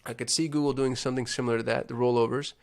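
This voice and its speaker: A man's voice: medium pitch, fairly even intonation, very fast, creaky. A man hosting a casual screen-share walkthrough on digital marketing, thinking aloud with chatty asides.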